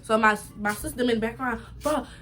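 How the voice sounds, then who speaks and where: A young woman telling a story time vlog with a high, bright voice. She talks in an animated, emphatic way, full of slang. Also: brisk. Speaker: vlogger.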